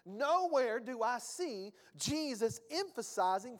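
A male pastor preaching a sermon, reading scripture aloud and swinging between emphatic bursts and quiet asides. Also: very high voice, lively intonation, slow, hardly any pauses, in a large hall.

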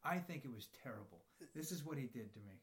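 A man's voice: medium pitch, lively intonation, fast talker. Young man, podcast guest, loose rambling anecdotes, mimics others. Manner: rambling storytelling, often mimics people. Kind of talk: casual chat.

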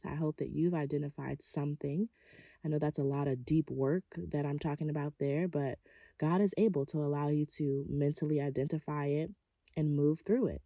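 A woman's voice: low voice, warm tone, no echo, studio quality. A woman leading a guided breathing session, sharing personal stories in an earnest, conversational way with a spiritual coaching tone.

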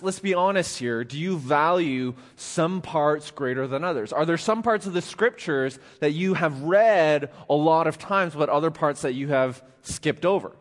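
A man giving a conversational sermon as a pastor, putting questions to the congregation in a relaxed, chatty way. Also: on the high side. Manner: conversational, reads a joke aloud and laughs, asks the congregation questions. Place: church auditorium. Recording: long hall reverb.

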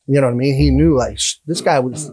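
A man telling animated stories in a casual interview. He acts out other people's voices, laughs often and swears freely. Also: mid-range voice, quick pace, breathy edge, no echo. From Canada. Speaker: guest musician.

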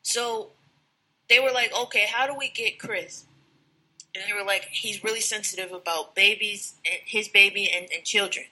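A woman's voice: mid-range voice, fairly even intonation, normal speed, sharp tone, rough recording. A woman co-hosting a casual chat, telling a story and acting out the quotes. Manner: chatty storyteller, acts out quotes, many fillers.

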